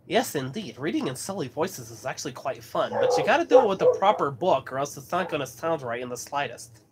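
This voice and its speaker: A man's voice: on the high side, very animated, brisk, very noisy. A man from Colorado chatting casually as host of his livestream, rambling and laughing often. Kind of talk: casual chat.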